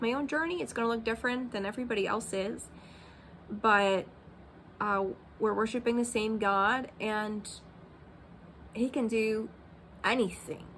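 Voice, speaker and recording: Slightly high and a bit bright, a thirtysomething woman rambles openly in her Christian vlog, leaning on fillers such as "um" and "like." Some slight background noise is audible.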